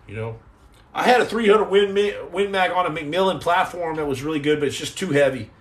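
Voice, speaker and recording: A man's voice: a little high, expressive, a little fast. A middle-aged man chatting casually on a livestream, answering viewer comments in a rambling, joking way that often repeats and restarts words.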